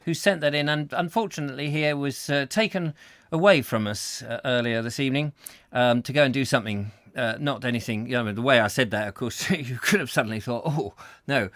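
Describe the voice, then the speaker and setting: A man's voice: medium pitch, a little fast, a bit bright, no echo. A man hosting a casual chat show, reading out viewer comments in a rambling, jokey way with many fillers. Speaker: host.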